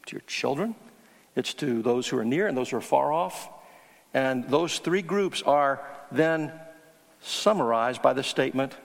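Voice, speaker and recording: A man's voice: medium pitch, vocal fry, long reverb tail. A man preaching a teaching sermon, earnest and emphatic on key words. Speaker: pastor.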